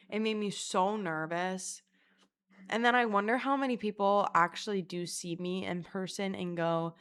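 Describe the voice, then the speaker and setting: Young woman, casual vlogger, swears freely, animated storyteller, talking to her phone camera at home. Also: medium pitch, moderate pace, clear, resonant tone. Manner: profane, animated storytelling with acted-out quotes. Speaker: content creator. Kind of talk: casual vlog chat.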